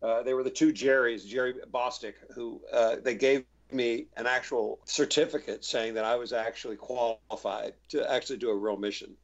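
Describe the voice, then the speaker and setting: A man's voice: medium pitch, moderate pace, hardly any pauses, highs cut off. A man, an actor guest in an interview, telling stories casually and acting out the voices he quotes. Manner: animated anecdotes, acts out quoted voices.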